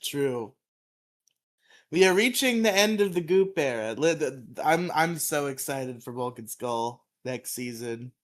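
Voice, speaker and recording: A man's voice: fairly high pitch, lively intonation, unhurried. A man co-hosting a podcast, recapping episodes in a loose, chatty way, laughing often and humming theme tunes. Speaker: podcast co-host.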